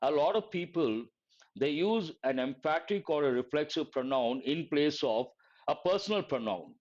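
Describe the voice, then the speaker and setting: A man's voice: on the high side, animated, moderate pace, a little mellow, highs cut off. A man teaching a live exam-prep lesson, repeating key words and quizzing his listeners. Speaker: English teacher.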